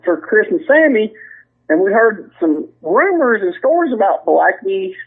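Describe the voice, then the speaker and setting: High husky Southern man over a phone line. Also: unhurried. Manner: rambling, many restarts, animated quoting. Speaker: podcast guest, wrestler. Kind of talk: casual storytelling.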